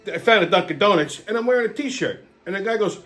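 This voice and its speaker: A man's voice: high voice, expressive, fast talker, a bit bright, soft background music. A middle-aged man hosting his own channel, delivering an exasperated, profanity-filled rant that stumbles over repeated restarts and stammers. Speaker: channel host. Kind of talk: profane ranting monologue.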